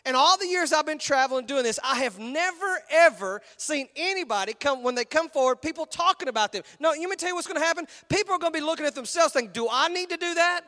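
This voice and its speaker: A Texan man preaches to a packed auditorium in a casual, lively way, slipping into little put-on voices. His voice sits unusually high for a man. The sound rings with a long hall reverb. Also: fast, few pauses. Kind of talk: sermon. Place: large church auditorium.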